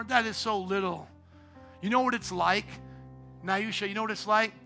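A male pastor preaches in a church with a high, bright, ringing voice. He drops to near-whispered asides, then climbs into loud, shouted exhortation. Soft instrumental music plays underneath. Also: steady tone, a little fast. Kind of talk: sermon. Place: church sanctuary.

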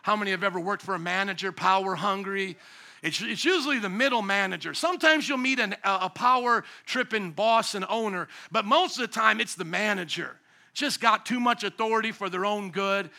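Pastor, man, forties, high and bright voice, animated preaching with loud emphatic bursts. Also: a little fast, gravelly. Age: 40s. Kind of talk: sermon.

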